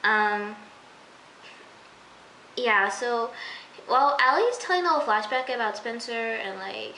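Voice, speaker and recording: A woman's voice: a little high, bright, forceful tone. A young woman casually reviewing a TV episode, rambling with many fillers and incredulous asides. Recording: echoey room with faint hiss.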